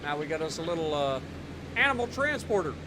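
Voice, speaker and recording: A man with a high voice narrates his gameplay in a loose, chatty way, talking to himself as he goes. Clear engine and game sounds run behind him. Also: big pitch swings, fairly quick, noisy background. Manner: chatty, talks to himself while playing. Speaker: gaming streamer. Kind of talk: casual gameplay commentary.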